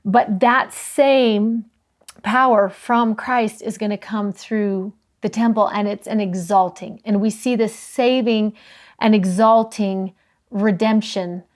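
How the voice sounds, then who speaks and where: A woman co-hosting a scripture study discussion, telling stories earnestly and slowing down to stress key words. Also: mid-range voice, steady tone. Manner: earnest, warm storytelling with slowed emphasis. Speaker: co-host of a scripture study show.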